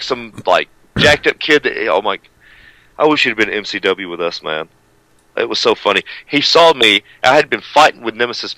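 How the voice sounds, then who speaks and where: Man, radio co-host, brash and foul-mouthed, bright forceful voice, dry sound. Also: mid-range voice, no room sound, low-quality recording. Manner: brash, profane, rambling. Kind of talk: casual uncensored radio banter.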